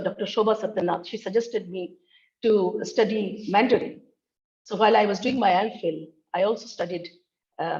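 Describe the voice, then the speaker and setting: A woman's voice: mid-range voice, darkish tone, muffled recording. A woman giving an academic talk on linguistics, speaking carefully and demonstrating tones with examples. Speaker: linguistics researcher presenting.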